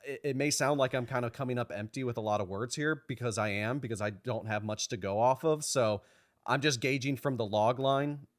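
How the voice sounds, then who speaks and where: A man's voice: medium pitch, a little fast, no echo, clean studio sound. A young man co-hosting a movie podcast, speaking casually and rambling with fillers and restarts. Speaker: podcast co-host. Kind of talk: casual chat.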